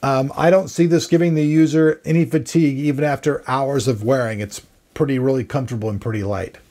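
Chatty man with a gravelly voice. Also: mid-range voice, steady tone, fairly quick, mellow. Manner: chatty, rambling, self-deprecating. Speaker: tech reviewer. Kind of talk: casual unboxing commentary.

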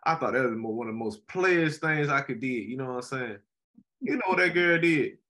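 A man's voice: mid-range voice, fairly quick. A young man, a graduate student, co-hosting a casual podcast chat and telling stories animatedly. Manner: animated storyteller, frequent "you know what I'm saying".

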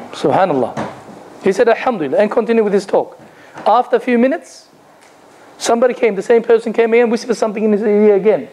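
A man's voice: high voice, a little mellow, rough recording. A man, an imam, giving a religious lecture to a gathering, telling stories and asking rhetorical questions with a touch of humor.

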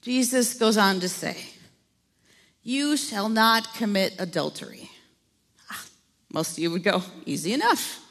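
A middle-aged woman pastor with an Upper Midwest American accent preaches in a conversational way, often checking in with her listeners. Her voice sits at a medium pitch. A long reverb trails off her words in the church sanctuary. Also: lively intonation, unhurried, pauses often, fairly bright tone. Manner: conversational, playful asides to the congregation. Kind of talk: sermon.

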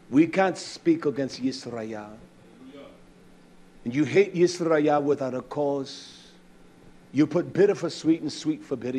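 A man delivers a fiery sermon in a rather high voice. He shouts his declarations, drops to hushed asides and acts out whole conversations as he preaches. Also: slightly rough.

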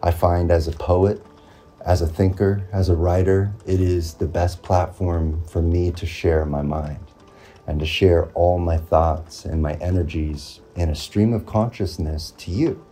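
A man giving an earnest motivational monologue, repeating phrases and pausing often. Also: low voice, steady tone, dark tone. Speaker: motivational vlogger.

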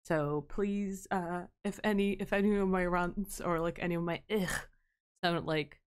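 A woman's voice: fairly low pitch, steady tone, measured pace, clean tone. A woman streamer chatting casually over gameplay, rambling and self-deprecating, with many fillers. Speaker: game streamer.

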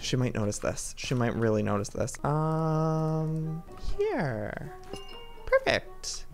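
A man hosting a playful let's-play video, talking theatrically with frequent gasps and sneaky stage whispers. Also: fairly high pitch. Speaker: gaming video host.

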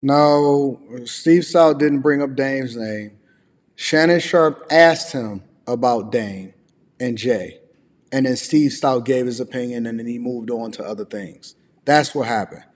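A man hosts a livestream and reacts to a clip with exasperated, blunt remarks and casual swearing. His mid-pitched voice trails off into a long reverb. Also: measured pace. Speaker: livestream host. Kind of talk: reaction commentary.

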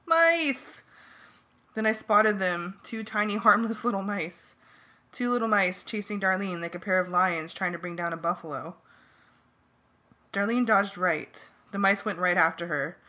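A woman reading a first-person novel aloud as an amateur audiobook, in a plain, steady manner. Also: medium pitch, moderate pace. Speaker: audiobook reader.

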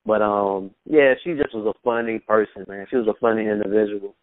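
A man's voice: fairly low pitch, no echo. A man as an interview guest, telling stories in a laid-back way, laughing now and then. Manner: laid-back storytelling, quick laughs, mimics voices in anecdotes. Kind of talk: casual recollection over a phone interview. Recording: tinny phone line, dry.

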